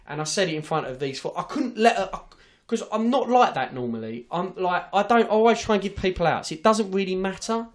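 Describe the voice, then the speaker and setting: A man's voice: high-pitched, expressive, a little fast, few pauses. A man hosting a podcast, telling an office story in a sweary, ranting, casual way. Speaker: podcast host.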